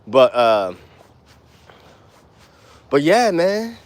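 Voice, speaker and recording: A man teaching bass in a casual walk-and-talk outdoors, talking blunt street slang with cursing and counting beats out loud. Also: very animated, drawn-out words, no echo. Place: outdoors, walking.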